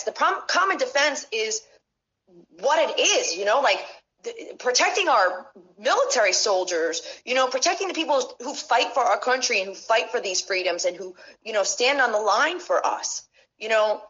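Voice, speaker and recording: A woman's voice: a little high, big pitch swings, normal speed, sharp tone. A woman talking as a guest on a podcast, impassioned and casual, swearing and restarting her sentences. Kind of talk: casual political talk. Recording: muffled audio over a phone network.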